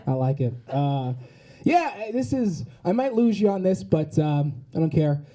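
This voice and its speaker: High, mellow-voiced young man doing stand-up. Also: measured pace. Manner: animated storytelling with put-on voices. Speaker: stand-up comedian. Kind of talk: stand-up set. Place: comedy club stage.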